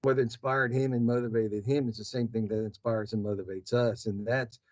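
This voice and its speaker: A man, a health system chief giving an interview, speaking earnestly with halting restarts and repeated words. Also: mid-range voice, steady tone, no room sound, lo-fi sound. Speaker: guest, health system CEO. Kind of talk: conversational interview.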